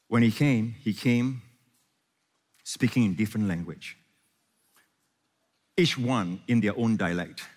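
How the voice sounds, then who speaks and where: An impassioned male pastor delivers a sermon, his voice sitting at a middling pitch. He swings from loud, rising questions down to hushed reassurance. A long reverb from a large hall trails behind his words.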